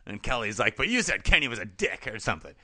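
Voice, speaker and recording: Bright-voiced man recapping with laughs. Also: fairly low pitch, fast talker, no echo, clean studio sound. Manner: animated storyteller, acts out characters' lines, laughs often. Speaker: podcast host recapping episodes. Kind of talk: casual comedic recap chat.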